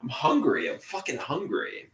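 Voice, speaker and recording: A man's voice: a little high, huge pitch swings, normal speed, a bit bright, reverberant. A man livestreaming from his room at home, rambling and swearing, often repeating himself. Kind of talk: rambling live stream monologue.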